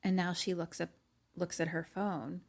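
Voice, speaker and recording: A woman's voice: moderate pace, vocal fry. A young woman co-hosting a casual podcast, retelling a film scene by scene and acting out the characters' lines, with many fillers. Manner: animated storytelling, acts out lines in a higher voice, many "like" fillers. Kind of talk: casual chat.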